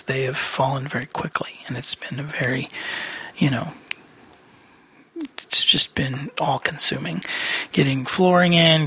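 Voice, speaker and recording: A man's voice: fairly high pitch, sharp tone, husky, dry recording. A man hosting a podcast, giving a casual personal update in a rambling way with many fillers and restarts. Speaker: podcast host.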